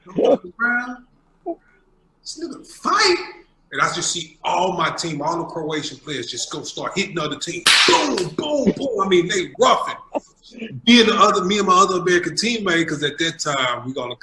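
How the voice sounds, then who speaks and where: A man's voice: on the high side, brisk, noisy background. A man, a former pro basketball player, telling a story casually and emphatically. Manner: animated, emphatic. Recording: echoey room.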